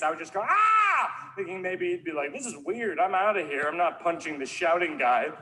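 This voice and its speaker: A man with a high voice tells a stand-up comedy story in a rambling, wandering way. Now and then he breaks into sudden shouted yelps, and the set plays back as a clip of a comedy routine.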